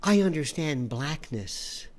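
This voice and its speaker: A man quoting a patronizing, self-righteous woman acquaintance in a slow, condescending voice. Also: a little high, expressive, darkish tone.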